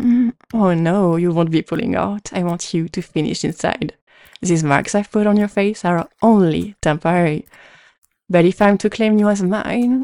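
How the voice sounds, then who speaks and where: A young woman speaks slowly and closely into the mic, her voice warm and mellow. She performs a dominant, teasing adult audio role-play, full of breathy murmurs. The sound is dry and intimate. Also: on the low side, no room sound.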